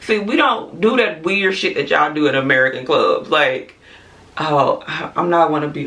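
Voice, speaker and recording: Blunt, bright-voiced woman vlogger. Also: sits low, lively intonation, normal speed, recorded from a distance. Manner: blunt, profane, candid, with frequent asides and laughs. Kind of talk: casual opinion rant to camera.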